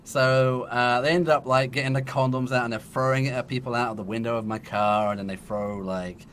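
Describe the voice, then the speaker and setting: A man in his thirties from England appears as a podcast guest, laughing through a long story in casual chat. His medium-pitched voice is steady, fairly quick, and a bit bright, with a little hiss or hum in the audio.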